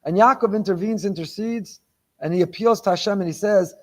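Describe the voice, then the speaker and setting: Man with a high voice, rabbi, Torah sermon, rhetorical questions, repeated phrases for emphasis. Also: a little fast. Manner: rhetorical questions, mixes Hebrew terms into English. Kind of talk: weekly Torah portion sermon.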